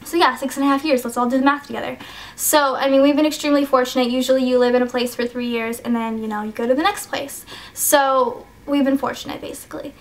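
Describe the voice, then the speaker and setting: A woman's voice: high voice, steady tone, fast talker. A teenage girl chatting in a casual vlog, rambling and hesitant with many fillers, choked up and sniffly. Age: teens. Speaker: YouTuber.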